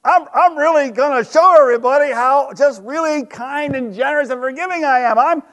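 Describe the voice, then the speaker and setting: A man's voice: very high voice, a little fast, a bit bright, pitched above the performer's own voice. A man acting out an eager male disciple who wants to look generous, with an earnest, rising tone. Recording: long hall reverb.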